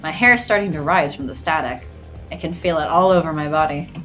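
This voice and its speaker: A woman's voice: low voice, fairly quick, fairly bright tone, soft background music. A woman host reading a visual novel aloud, adding playful, jokey asides. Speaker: let's play host.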